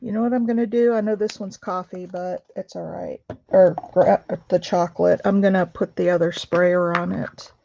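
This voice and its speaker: A woman's voice: on the low side, fairly even intonation, moderate pace, creaky, few pauses, dark tone, slight background noise. A woman hosting a craft video, chatting casually and asking questions as she works. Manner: chatty, asks questions while working. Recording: dry, dull lo-fi sound.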